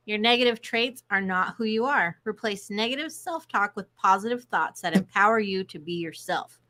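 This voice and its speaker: A woman co-hosting a recovery livestream, reading self-help points in a steady, cheerful way. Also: mid-range voice. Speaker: recovery group co-host.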